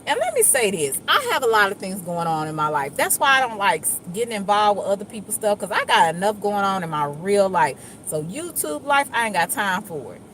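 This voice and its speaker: Woman vlogger, animated pitch, casual car chat over faint road hum. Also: a little fast, few pauses, poor audio. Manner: chatty, animated, acts out other people's voices. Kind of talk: casual chat while driving. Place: inside a moving car.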